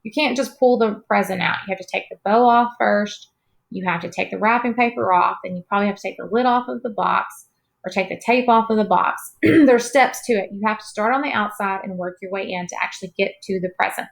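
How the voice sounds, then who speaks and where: A woman math teacher recording a lesson late at night, her voice tired, clearing her throat now and then, patient and reassuring with her students. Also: medium pitch, a little fast.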